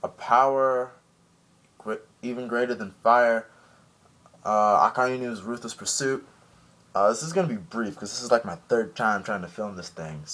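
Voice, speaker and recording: Chatty man doing a rambling anime recap. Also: fairly bright tone. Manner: slips into quick high voices when quoting characters. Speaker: anime episode reviewer. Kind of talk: casual recap review.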